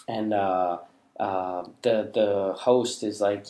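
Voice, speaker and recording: A French Canadian man, a comedian, tells a rambling story in a low voice and swears freely. He often restarts his sentences and fills them with "uh". The room has a roomy echo. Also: steady tone, slow, mellow. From Quebec, Canada. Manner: rambling, profane, many restarts and fillers. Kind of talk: casual storytelling.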